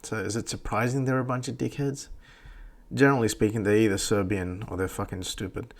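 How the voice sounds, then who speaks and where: A man's voice: on the low side, steady tone, fairly quick. A man hosting a podcast, ranting bluntly and profanely in a rambling way. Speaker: podcast host. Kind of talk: profane opinion rant.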